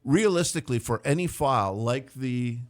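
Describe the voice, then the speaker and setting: Candid city manager on radio. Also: male voice, medium pitch, expressive. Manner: measured, candid, dry sarcastic asides. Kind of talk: radio interview guest.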